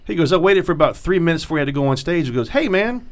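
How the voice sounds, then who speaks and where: A man, a comedian, telling a long story in casual chat, profane and animated as he acts out what others said. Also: on the high side, very fast.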